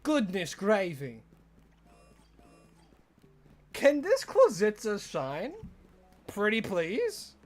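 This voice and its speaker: A game streamer rambling jokily during a live stream and bursting into excited shouts at lucky finds. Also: mid-range voice, slow, faint music behind.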